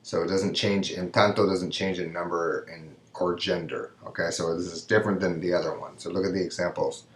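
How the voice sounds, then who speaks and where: A man with a very low voice gives a recorded grammar lesson, taking it step by step. He keeps checking in with "right?" as he explains. His voice carries a noticeable room echo. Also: fairly even intonation, brisk, hardly any pauses. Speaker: Spanish teacher. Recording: echoey room.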